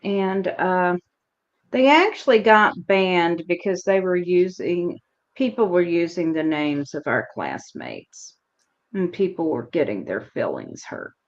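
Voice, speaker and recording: A woman hosting a casual chat, telling stories in an unhurried, chatty way. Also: lowish voice, sing-song. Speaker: host. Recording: dull lo-fi sound.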